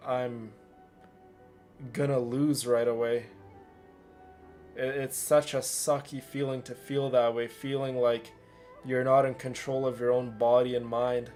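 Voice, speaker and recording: A tired-sounding man chats emotionally with his livestream viewers, stammering and repeating himself in a heartfelt way. His voice is medium in pitch and a little mellow.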